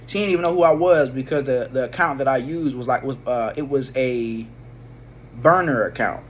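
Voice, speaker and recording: A man's voice: medium pitch, moderate pace, slight background noise. A man casually telling a personal story, rambling with slang, swearing and frequent restarts. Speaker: vlogger.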